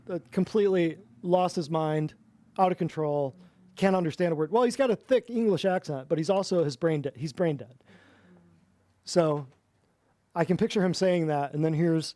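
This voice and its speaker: A man with a high voice delivers a mocking monologue, leaning on repeated words for emphasis. The sound is dry and close, with no room around it. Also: moderate pace, dark tone, no room sound. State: winded. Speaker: podcast host. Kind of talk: sarcastic monologue.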